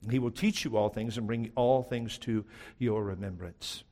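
A man preaching a sermon as pastor, shifting between driving emphasis and hushed, slow lines. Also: on the low side. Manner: preaching with sudden drops to a hushed voice. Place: church sanctuary. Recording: long hall reverb.

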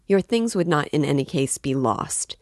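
A woman's voice: low voice, unhurried, dry recording, clean studio sound. Woman reading as a cold, ironic magistrate. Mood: calm. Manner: calm and coolly ironic.

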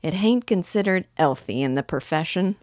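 A woman's voice: on the low side, expressive, moderate pace, a little mellow, no room sound, studio quality, natural voice. A woman voicing a cheeky male cockney burglar who drops his aitches and drawls slang. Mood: gruff.

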